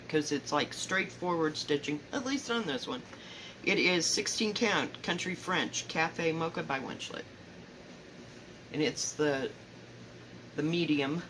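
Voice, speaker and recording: Chatty Southern woman, rambling softly. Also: deep voice, slight background noise, rough recording. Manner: chatty, rambling, self-correcting, often trailing off softly. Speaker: cross-stitch vlogger. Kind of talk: casual show-and-tell chat. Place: home, indoors.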